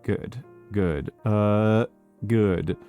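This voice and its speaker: A man's voice: on the low side, extremely slow, dark tone, smooth, faint music behind. A man streaming live who chats casually, reads out viewer messages, greets each viewer by name and repeats short phrases over and over. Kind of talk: casual chat with a live audience.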